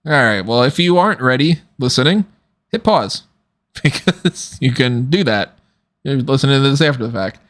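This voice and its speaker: A man's voice: mid-range voice, expressive, normal speed, fairly bright tone. A man hosting a podcast, talking in a rambling, casual way and laughing often, tired late at night. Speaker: podcast host. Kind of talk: casual commentary chat.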